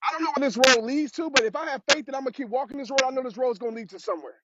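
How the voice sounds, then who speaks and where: A man with a very high voice delivers a motivational talk and drives his points home by repeating them. The recording is dull and lo-fi. A steady hiss runs underneath. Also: racing. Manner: preachy, repeats phrases for emphasis. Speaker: motivational speaker. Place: outdoors on a road. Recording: dull lo-fi sound with clear hiss.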